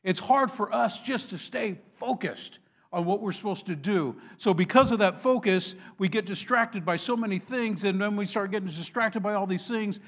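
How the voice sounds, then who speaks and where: A pastor delivers his sermon in an easygoing, chatty way, telling stories and laughing at himself. His voice sits a little higher than most men's. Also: moderate pace. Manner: conversational, warm storytelling with self-deprecating laughs.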